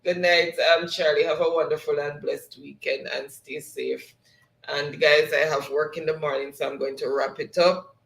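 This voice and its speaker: High-voiced man in a roomy echo. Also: little pitch movement, moderate pace, creaky, fairly bright tone. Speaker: livestream host. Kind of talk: reading live chat aloud, casual sign-off.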